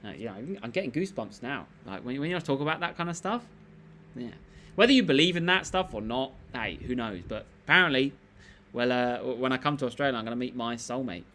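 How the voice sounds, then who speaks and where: A man's voice: medium pitch, lively intonation, fairly quick, fairly bright tone. A man hosting a live stream, chatting casually and reading out comments in a rambling, laid-back way with lots of fillers and restarts.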